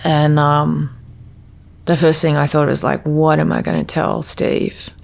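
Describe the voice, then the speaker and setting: A woman podcast guest telling her personal story in a halting way, often restarting her sentences. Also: low voice, level tone, creaky, a little mellow.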